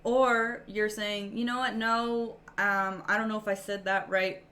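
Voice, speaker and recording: A woman's voice: medium pitch, steady tone, unhurried, bright, forceful tone. A woman co-hosting a podcast in casual chat, explaining ideas step by step with examples. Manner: explanatory, walks through steps with examples. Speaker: podcast co-host.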